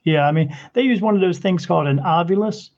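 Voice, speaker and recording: A man telling a paranormal story in casual conversation, animated and acting out the voices of the people he quotes. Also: a little fast, dull audio. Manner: animated, acts out quoted voices with rising pitch.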